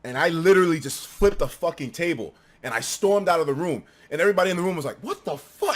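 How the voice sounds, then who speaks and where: Animated young male streamer, lively pitch. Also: fairly quick. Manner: animated, swearing, swings from low mutters to loud outbursts. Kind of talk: casual storytelling on a livestream.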